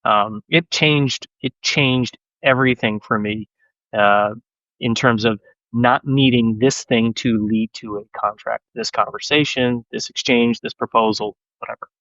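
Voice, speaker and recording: A man chats casually as a podcast guest, talking about sales with lively, self-mocking stories. His voice sits in a middle register. The recording is dry and a little muffled. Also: medium pitch, a little slow, no room sound. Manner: animated, self-deprecating storytelling.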